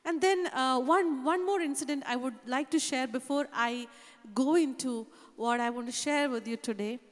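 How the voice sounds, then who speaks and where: High-voiced woman preaching in a reverberant hall. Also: moderate pace. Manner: earnest personal storytelling, frequent "you know". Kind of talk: sermon testimony. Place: church hall.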